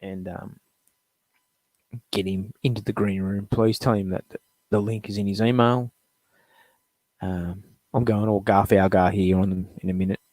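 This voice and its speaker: A man's voice: on the low side, steady tone, moderate pace, pauses often, darkish tone, dry recording. A middle-aged man hosting a live show, ranting bluntly with lots of swearing, rambling between topics. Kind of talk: profane sports fan rant.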